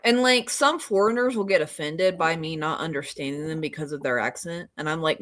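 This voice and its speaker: A woman's voice: low-pitched, a little fast, few pauses, fairly bright tone. A woman from Oklahoma co-hosting a podcast in casual chat, rambling with many fillers and restarts. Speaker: podcast co-host.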